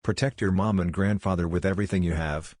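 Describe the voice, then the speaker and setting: A man reading as a young male ninja hero, calm and confident, with a steady, level delivery. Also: deep voice, quick pace, no echo, studio quality.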